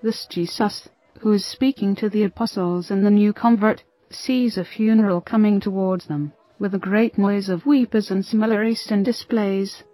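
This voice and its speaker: Woman reading a bible story aloud, steady n reverent, soft music behind. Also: mid-range voice, moderate pace, few pauses, dry recording, low-quality recording. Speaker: narrator.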